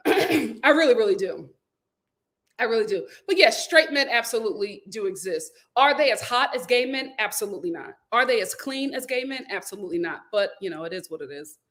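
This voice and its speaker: A young woman hosting a casual live stream, reading viewer comments aloud and chatting in an animated way with frequent laughter. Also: fairly high pitch, brisk.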